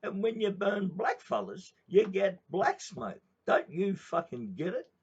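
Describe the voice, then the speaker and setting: A man voicing a gruff crematorium worker who shouts back scornfully and swears, on a dull lo-fi recording. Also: sits high, sing-song, a little slow, voice pushed up, exaggerated voice. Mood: scornful shouting.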